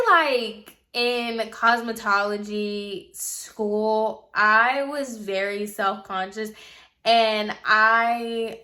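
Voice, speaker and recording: A woman's voice: fairly high pitch, bright, forceful tone. A woman in her twenties, a hairstylist telling a casual storytime, chatty and full of "like" fillers. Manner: chatty, filler-heavy with frequent "like".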